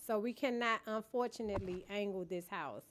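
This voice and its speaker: A woman speaks briskly at medium pitch, with a bit of hiss or hum in the audio. While playing a cozy decorating game on stream, she chats with viewers, names and thanks them, teases them and laughs a lot.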